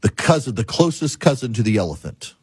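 A stern, exacting law professor, pitched high and sharply clipped, as a man acts him out in a story. He fires question after question. The voice stays husky underneath. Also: big pitch swings, brisk, no echo, clean studio sound.

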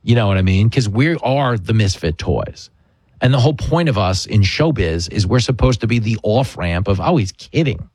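Quick-joking male radio host. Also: on the low side, no echo. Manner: quick, joking, animated delivery. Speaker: radio talk show host. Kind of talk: casual comedic chat.

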